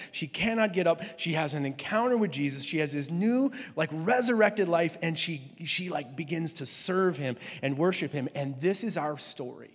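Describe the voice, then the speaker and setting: A man preaching a sermon in a loose, conversational way with many fillers, sometimes dropping to a soft hush. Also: a little high, breathy edge. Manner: drops to a soft hush on emotional lines. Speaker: pastor. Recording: long hall reverb.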